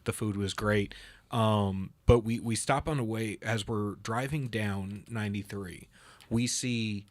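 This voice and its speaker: A man in his thirties hosting a political podcast, telling stories with lively impressions of other people. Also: on the low side, unhurried. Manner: animated storyteller, mimics others in a raised voice. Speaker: podcast host. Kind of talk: casual political chat.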